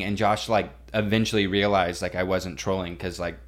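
Young man telling a story, lowish voice. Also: moderate pace, hardly any pauses. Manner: animated, swearing, heavy use of "like". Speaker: podcast co-host. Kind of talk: casual storytelling chat.

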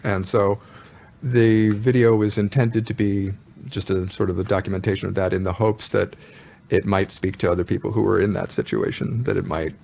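A man guests on an interview, speaking in a low voice with a gravelly edge. He tells his stories thoughtfully and at a measured pace. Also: steady tone, a little mellow. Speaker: musician guest. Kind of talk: casual interview chat.

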